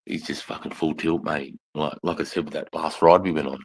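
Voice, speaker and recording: A man's voice: extremely low pitch, fairly even intonation, brisk, gravelly, darkish tone, slight background noise. An Australian man telling crude, slang-filled stories in casual chat. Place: bar.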